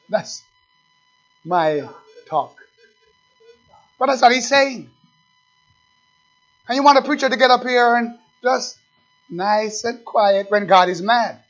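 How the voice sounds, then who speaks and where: A man preaching a sermon without notes, swinging between loud emphatic lines and quiet asides. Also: very high-pitched, slow pace, pauses often, faint music behind. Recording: dull lo-fi recording.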